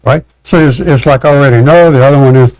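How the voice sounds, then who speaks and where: A man talking as a guest in casual chat, animated, acting out quotes and laughing, with many restarts. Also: mid-range voice, quick pace, no echo, poor audio.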